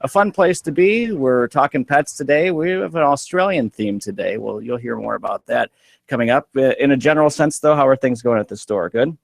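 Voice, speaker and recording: A man's voice: medium pitch, fairly quick, gravelly, no echo. A man with a Midwestern American accent hosting a casual, upbeat radio show and reading news stories aloud. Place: radio studio. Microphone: studio microphone.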